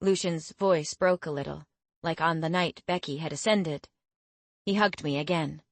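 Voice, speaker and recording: A woman narrating a first-person fantasy audiobook in a steady, reflective storytelling manner. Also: deep voice, moderate pace, no room sound.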